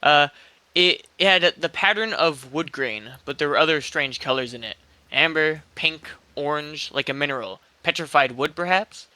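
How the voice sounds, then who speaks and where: A man's voice: fairly high pitch, moderate pace, sharp tone, clean tone, dry recording. A man casually reading a spooky internet story aloud, laughing and joking between lines with a co-reader.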